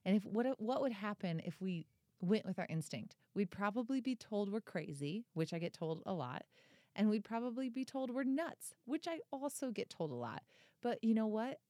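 Here a podcast co-host and author, a woman of about thirty, chats casually, spinning an energetic story packed with fillers and curses. She speaks at a normal pace in a dark, medium-pitched voice with lively intonation, captured as clean studio sound without any room sound.

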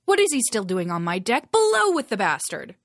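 A woman's voice: lowish voice, moderate pace, dry recording, clean studio sound, natural voice. A woman voicing a commanding pirate queen who barks orders at her crew.

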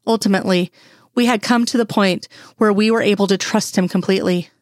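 A woman reading a first-person story aloud in an earnest, measured way. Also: medium pitch, steady tone, no room sound, clean studio sound. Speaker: reader.

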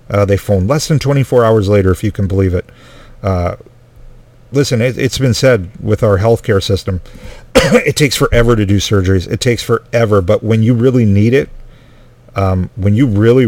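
A man's voice: on the low side, normal speed, darkish tone, no echo. A man telling a personal story in a rambling way, full of restarts and asides. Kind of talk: casual storytelling monologue.

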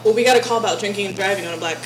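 A woman's voice: medium pitch, racing, crowd noise. A young woman from Texas telling a story in a casual chat, laughing often and swearing freely. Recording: echoey room with background noise.

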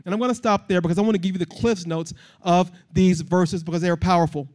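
A man preaching as a guest speaker in a church service, his voice sitting very high. He speaks directly to the congregation, leads call-and-response, and climbs into fervent shouted exhortation. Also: fairly even intonation, fast talker, hardly any pauses. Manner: impassioned, building to shouted exhortation. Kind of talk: sermon.

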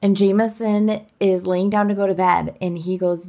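A woman's voice: fairly low pitch, steady tone, normal speed, gravelly, hardly any pauses, mellow. A woman in her thirties, a podcast co-host, chatting casually and candidly, swearing freely and laughing often. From upstate New York. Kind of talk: casual chat.

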